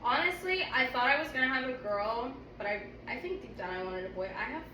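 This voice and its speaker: A woman's voice: sits high, expressive, fairly quick, recorded from a distance. Laid-back young woman, echoey noisy room. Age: 20s. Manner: laid-back, swears freely. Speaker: guest. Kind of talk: casual chat.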